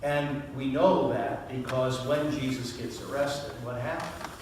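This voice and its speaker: A priest delivers a sermon in an unhurried, deliberate way, pausing on rhetorical questions. He is recorded from across the sanctuary, with heavy echo and a faint hum of room ambience behind him. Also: mid-range voice. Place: church sanctuary. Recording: very echoey church from far off.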